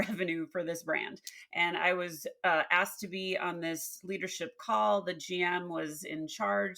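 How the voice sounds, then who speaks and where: Gravelly, bright-voiced woman coach. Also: on the low side. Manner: expressive storyteller, acts out dialogue. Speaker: leadership coach and guest. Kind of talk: storytelling interview.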